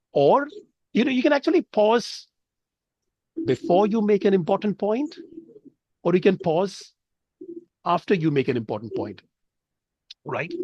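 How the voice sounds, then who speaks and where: A man from India, working as a speech trainer, teaches public speaking in an online session, explaining with examples and checking in with his listeners. His voice is on the high side, a little mellow and slightly rough, recorded lo-fi with no room sound.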